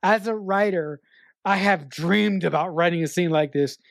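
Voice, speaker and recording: Low-voiced woman, dry close sound. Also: moderate pace, vocal fry, dry recording. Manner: emphatic, swears, speaks frankly about personal matters. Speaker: podcast co-host. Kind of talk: casual film review chat.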